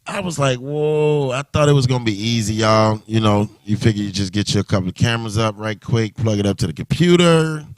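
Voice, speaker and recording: A man's voice: lowish voice, a little fast, hardly any pauses, no echo, clean studio sound. A man hosting a casual livestream chat, talking loosely and rambling with many restarts. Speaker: livestream host.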